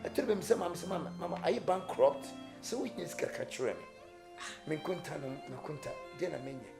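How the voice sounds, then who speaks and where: A worried Ghanaian husband. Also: male voice, fairly high pitch, lively intonation, brisk, vocal fry. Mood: troubled. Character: worried married man, pressured by mother. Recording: music bed under dialogue. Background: music.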